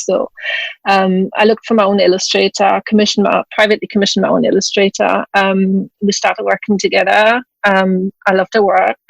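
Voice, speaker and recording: Speaking from her Scottish home, a German author and widowed mother tells a personal story on an interview podcast, performing the quoted lines as she goes in a relaxed conversational way. Her voice sits at medium pitch with a creaky quality. The audio is low-quality but free of echo.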